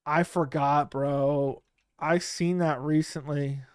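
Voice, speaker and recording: A man hosts a live stream from home into a close studio mic, and his smooth, crisp voice sits slightly high for a man. He talks bluntly in loose slang, often trailing off mid-thought, with a dry, close sound and no room around it. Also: fairly even intonation, slow, no echo. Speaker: livestream host. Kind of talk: casual live-stream chat reading viewer comments. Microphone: studio microphone close up.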